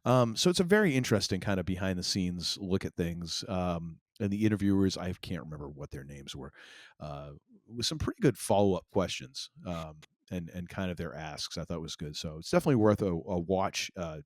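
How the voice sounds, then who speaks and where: Rambling, low-voiced man from Maine. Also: expressive, a little fast, no echo, clean studio sound. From Maine, USA. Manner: rambling, many fillers and restarts. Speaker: podcast co-host. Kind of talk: casual chat.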